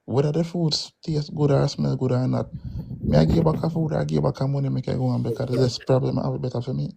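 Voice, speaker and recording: A Jamaican man lays out a scenario step by step, checking in again and again with "see." His voice is strongly gravelly and husky, with a dark tone. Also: mid-range voice, steady tone, fast talker, rough recording. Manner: explains step by step, repeats "see". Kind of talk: casual chat.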